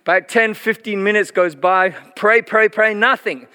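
A middle-aged man preaches, telling his story in a lively, chatty way with many fillers. His voice sits fairly high for a man. The sound rings with a long reverb, as in a church hall. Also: normal speed, clean tone. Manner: animated, chatty, laughs often, many fillers. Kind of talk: sermon testimony storytelling.

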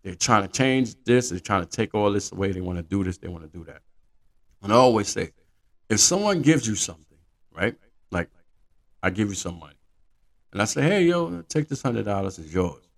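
Male podcast host, casual profane monologue, gravelly low voice. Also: fairly quick, long pauses. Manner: profane, animated storytelling.

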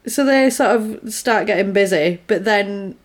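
Woman, mid-pitch, chatty and laughing, retells a film and plays its characters' lines. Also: measured pace. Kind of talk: casual chat recapping a film.

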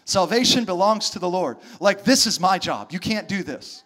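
Guy preaching a sermon, really high voice, animated, does little voices for the quotes. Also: moderate pace. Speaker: pastor.

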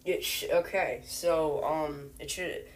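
Young woman, mock news host, lower pitch, slow, rambling, lots of ums. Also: fairly even intonation. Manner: rambling, hesitant, full of fillers. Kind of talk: playful mock newscast.

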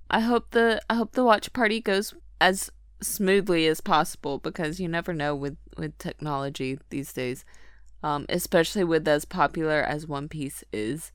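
A woman's voice: on the low side, a bit bright, clean tone, dry recording. A woman hosting a podcast in a friendly, casual way, with some hesitant fillers. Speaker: podcast host. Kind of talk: casual chat.

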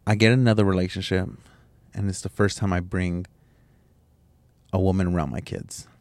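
A man speaks in a fairly low voice, telling a personal story as a podcast host. He is candid and emotional, swears freely and often restarts his sentences. The recording is dry, with no room sound. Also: a little mellow, no room sound.

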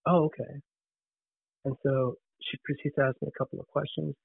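A man telling a story in casual conversation, animated, often restarting and repeating words. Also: medium pitch, quick pace, creaky, slightly rough, dry recording. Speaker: podcast guest. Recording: tinny phone-line sound.

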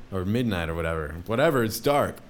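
A young man, a DJ, telling a rambling story in casual talk, swearing often and jumping up in pitch for quoted voices. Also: a little hiss or hum.

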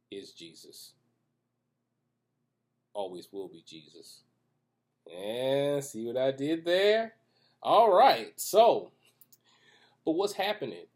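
A man's voice: lowish voice, a little mellow. Restless man preaching off the cuff. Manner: loose, joking asides and frequent restarts. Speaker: Christian video commentator. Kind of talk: casual preaching monologue. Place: room with echoey acoustics.

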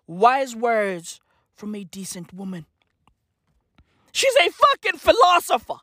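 High, lively South African man. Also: slow pace, long pauses, no echo, studio quality. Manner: excitable, swearing, bursts into shouts. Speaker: reaction video host. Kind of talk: excited reaction commentary.

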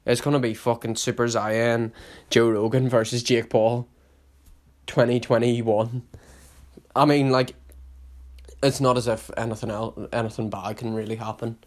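A man's voice: mid-range voice, level tone, unhurried, long pauses. Rambling young man. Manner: rambling, heavy swearing, loud hype bursts. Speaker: podcast host. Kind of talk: casual solo podcast chat.

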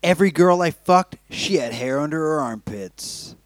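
A man's voice: a little high, expressive, no echo. A man co-hosting a casual podcast, crude and joking, with other voices in the room. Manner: crude, joking, quick to interject. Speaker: podcast co-host. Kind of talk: casual chat.

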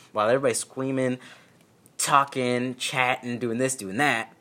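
Young man, bright tone, storytime vlog, blunt and self-deprecating. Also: medium pitch, steady tone, normal speed. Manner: candid, profane, self-mocking humor. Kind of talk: casual storytime.

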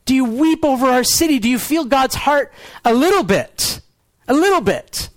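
Young male pastor, very high voice, earnest sermon delivery, dry close recording. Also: lively intonation, dry recording. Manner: earnest, shifts between quiet low lines and quick pointed rhetoric.

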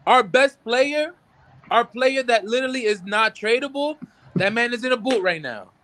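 A man's voice: very high-pitched, expressive, moderate pace, a bit bright. A man co-hosting a casual sports talk show, ranting in heated frustration, swearing and stumbling over his words. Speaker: podcast co-host.

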